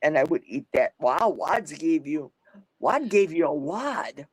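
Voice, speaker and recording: Older woman, livestream host, talkative, thinks out loud, dry sound. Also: sits low, animated, unhurried, breathy edge, no echo, rough recording. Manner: chatty, thinks aloud, reads out comments. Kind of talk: casual live chat.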